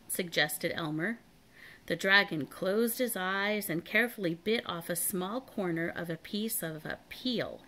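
A woman reading a children's chapter book aloud in a calm, even storytelling voice. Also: on the low side, measured pace. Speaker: storybook reader.

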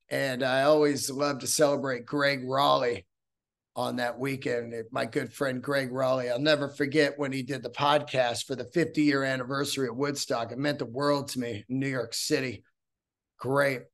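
A man hosting a solo podcast episode, talking in a profane, rambling, animated way. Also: mid-range voice. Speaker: podcast host.

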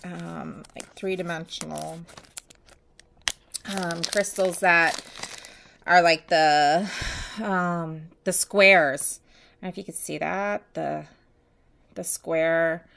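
A woman's voice: fairly low pitch, gravelly, fairly bright tone, a little hiss or hum. A woman vlogger chatting casually and gushing as she unboxes nail art, with many ums.

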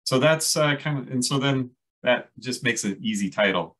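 A man with a Minnesota accent gives a relaxed lecture on gardening. He talks in a chatty, halting way, filling pauses with ums and restarting his sentences. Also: medium pitch, rough recording. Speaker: landscape ecologist teaching a class. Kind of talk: casual lecture on native plants.

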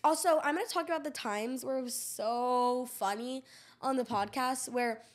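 A woman's voice: high-pitched, normal speed. A teenage girl co-hosting a podcast, chatty and teasing, laughing often. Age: teens. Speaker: podcast co-host. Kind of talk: casual chat.

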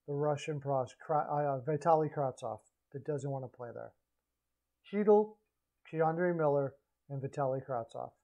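Male hockey commentator, slightly high voice, casual and rambling, self-correcting. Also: normal speed, vocal fry, mellow, dull audio. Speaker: hockey podcaster.

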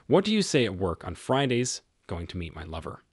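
A man voicing a cold, stern husband confronting his cheating wife, in a measured tone. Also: sits low, huge pitch swings, husky, no room sound, studio quality, heavily acted. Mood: accusing.

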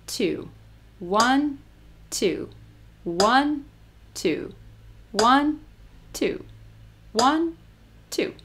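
A woman with a Hungarian accent leads a rhythm exercise, counting beats aloud and leaning hard on each "one." She speaks slowly, and her pitch rises and falls in a lively way. Metronome clicks and a faint hiss sit behind her voice. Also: gravelly. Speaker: music teacher. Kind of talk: instructional rhythm lesson.

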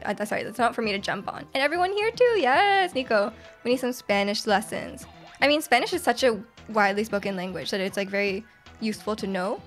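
A woman's voice: fairly high pitch, fairly bright tone. A woman live-streaming a video game, chatting casually with her chat, giggling often and reading messages aloud.

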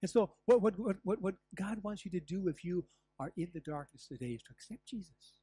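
An older man preaching a sermon as pastor, telling stories with lively asides and the odd laugh. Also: high-pitched, fairly quick, soft background music. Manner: animated storytelling with asides and laughs. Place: church.

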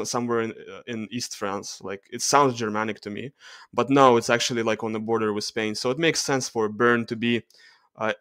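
A man's voice: medium pitch, a bit bright, no room sound. Russian-accented man narrating, hesitant. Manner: hesitant, frequent uh fillers and self-corrections. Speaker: genetics video creator. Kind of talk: explaining charts in a voice-over.

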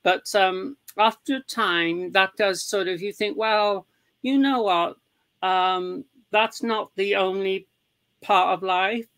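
A woman guest in an interview, talking in a rambling, halting way with many fillers. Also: mid-range voice, fairly bright tone, no room sound. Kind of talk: casual chat.

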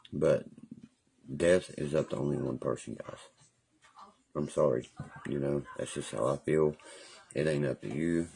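This livestream vlogger speaks in a very deep, husky voice full of vocal fry. Sitting in a parked car with his phone, he spins loose, foul-mouthed tales about jail, laughing through the animated storytelling.

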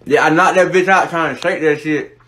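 Animated young man with a fairly high voice. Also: a little fast. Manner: animated, laughing, swearing, slangy, exclaiming. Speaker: content creator. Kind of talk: casual comedic video commentary.

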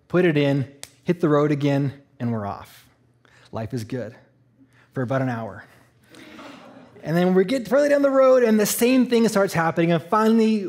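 A man from Eastern Canada telling a personal story in a sermon, animated and laughing, acting out the voices. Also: fairly high pitch. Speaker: church speaker.

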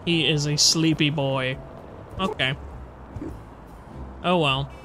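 A gamer giving casual running commentary over gameplay, chatty and swearing freely, with loud frustrated outbursts. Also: mid-range voice, steady tone, slow pace, background noise. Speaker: let's play gamer.

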